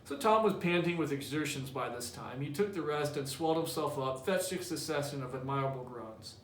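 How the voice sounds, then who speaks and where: A male teacher with a mid-range, brisk and slightly bright voice explains the story to his class, then reads the novel aloud in a conversational way. The room is echoey, the mic sits far off, and there's a faint hiss.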